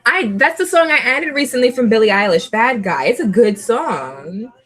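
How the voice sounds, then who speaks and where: A young woman of Puerto Rican heritage vlogs casually to the camera, gushing like an excited fan and laughing a lot. Her pitch is fairly high and her pace moderate.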